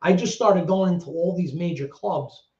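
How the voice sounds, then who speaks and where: Speaking at a moderate pace, a middle-aged man from the Bronx, New York, guesting in a casual interview, spins stories with streetwise animation, doing others' voices and swearing freely. The former actor and DJ sounds slightly high for a man; the echoey, roomy recording is dull and lo-fi.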